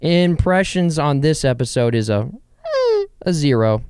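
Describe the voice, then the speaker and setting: A young man hosting a casual solo podcast from his bedroom, rambling and joking with quick asides to himself. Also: on the high side, animated, a little mellow, clean tone, no room sound. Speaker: podcast host.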